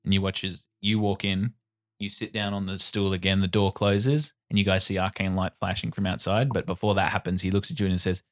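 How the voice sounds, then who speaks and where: A man running a tabletop game as game master, narrating scenes and speaking for the figures in a measured, formal way. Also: sits low, flat delivery.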